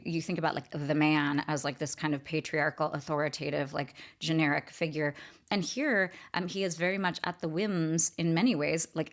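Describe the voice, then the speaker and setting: A woman hosting a book talk, breaking down the humor of a novel in an enthusiastic, chatty way with many fillers. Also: low voice. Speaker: book discussion host. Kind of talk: literary analysis talk.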